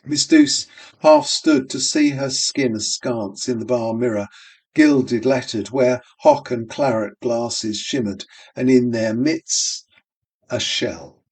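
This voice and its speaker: A man's voice: medium pitch, very animated, takes it slowly, a little mellow, recorded from a distance. A man reading a novel aloud with rhythmic, musical phrasing. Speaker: audiobook reader.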